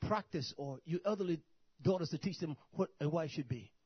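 A husky male preacher delivers a sermon in a voice that swings from low murmurs to fiery, pitched-up shouts. The sound is dry and close, with no room around it. The recording is dull and lo-fi. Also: a little fast, no echo. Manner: fiery, rising to shouted peaks.

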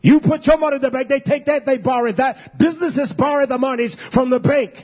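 A male pastor preaching a fiery sermon, swinging between shouts and low mutters with drawn-out emphasis. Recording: dull lo-fi recording.

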